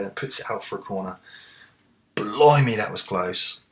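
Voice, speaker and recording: Low-voiced male gamer, narrates the match play by play and yells at his team. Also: moderate pace, pauses often. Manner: talks to the players, swings from muttering to excited shouts. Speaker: let's play host. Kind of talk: live game commentary.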